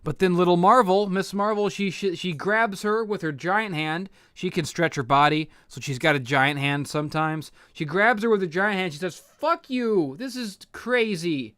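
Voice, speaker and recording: Profane ranting young man, bright and crisp. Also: sits high, moderate pace, hardly any pauses, no echo, clean studio sound. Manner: profane, sarcastic, erupts into shouting rants. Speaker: comic recap youtuber. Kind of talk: ranting comic book recap.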